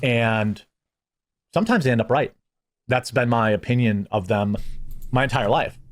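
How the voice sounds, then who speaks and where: A man in a played clip, calmly giving his measured opinion. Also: mid-range voice, no echo, clean studio sound.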